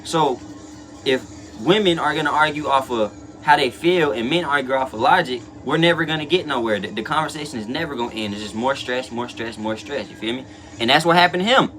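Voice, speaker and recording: A man's voice: a little high, a little fast, sharp tone. A young man hosting a reaction video, talking casually in slang and rambling to his chat.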